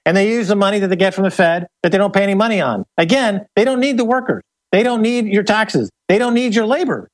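A man's voice: high-pitched, animated, fast talker, few pauses. A man appearing as a guest on a political radio show, arguing his case with pointed rhetorical questions. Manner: argumentative, uses rhetorical questions. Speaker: guest commentator. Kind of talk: political talk radio interview.

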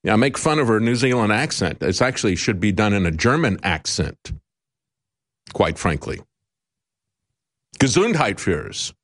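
A man's voice: lowish voice, lively intonation, fairly quick, few pauses, fairly bright tone. A male talk show host giving emphatic, indignant commentary with sarcastic asides.

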